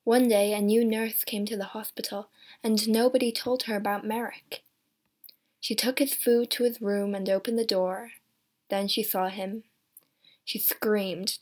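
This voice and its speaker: A woman reading a story aloud as scripted narration, slow and measured. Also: medium pitch. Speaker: audiobook reader.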